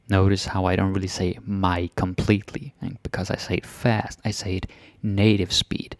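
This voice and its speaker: Male language teacher, low and gravelly, relaxed chatty delivery, dry close recording. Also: no echo. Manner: relaxed, chatty, repeats phrases slowly then fast. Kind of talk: casual language lesson.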